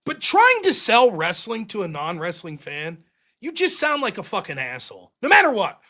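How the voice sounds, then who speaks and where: A man's voice: sits high, wildly swooping pitch, moderate pace, pushed and bright. A man hosting a livestream, talking casually in a rambling, profane, jokey way. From United States. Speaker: livestream host.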